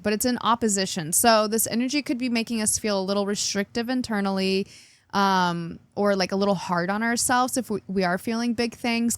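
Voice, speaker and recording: A woman talks through a weekly astrology forecast in a bubbly, chatty way, laughing often. Her voice sits at a middle pitch and is recorded close and dry, with no room around it. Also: clear, resonant tone, no room sound. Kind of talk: casual spoken forecast.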